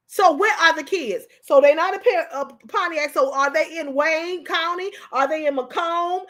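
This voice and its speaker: A high-voiced woman hosts a live commentary stream. She talks with fiery, emotional passion and breaks into shouts when she gets worked up. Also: normal speed, few pauses. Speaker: livestream host.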